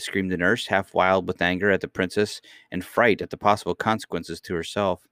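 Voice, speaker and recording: Man, audiobook narrator, deep low voice, measured, dry close recording. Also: a bit bright, clear, resonant tone, dry recording. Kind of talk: scripted narration.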